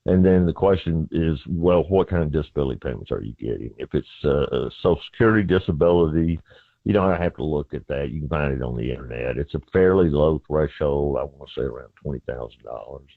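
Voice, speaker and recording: A man's voice: extremely low pitch, lively intonation, quick pace, vocal fry, no echo. A middle-aged man with a Southern accent, a lawyer giving plain-spoken, folksy legal advice by phone on a call-in radio show. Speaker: constitutional lawyer, legal guest. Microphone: phone line into studio. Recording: tinny phone line.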